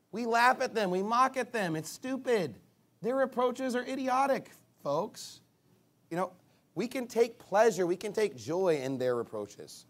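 A man preaching a sermon, reading scripture slowly with rising emphasis and breaking into animated, mocking asides with sudden shouted bursts. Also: sits high. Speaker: pastor.

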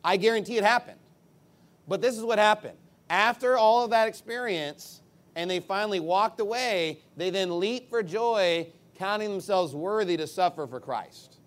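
A man preaching a sermon in an emphatic, conversational way, acting out quick asides. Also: high voice, fairly bright tone. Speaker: pastor.

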